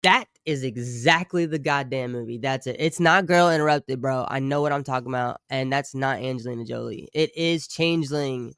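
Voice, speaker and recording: A man who makes true crime streams and music, chatting live with his viewers in a loose, rambling way, full of swearing and quick reactions to the chat. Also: medium pitch, smooth, no echo, clean studio sound. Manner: profane, rambling, animated asides to chat.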